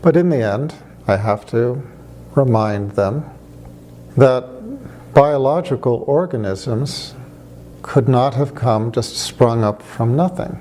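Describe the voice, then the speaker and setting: A man talks through his argument, asking rhetorical questions and telling wry stories along the way. His voice is mellow and dark at mid pitch. A faint noise sits under the recording. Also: slow, long pauses. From United States. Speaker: speaker on religion. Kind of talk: conversational argument to camera.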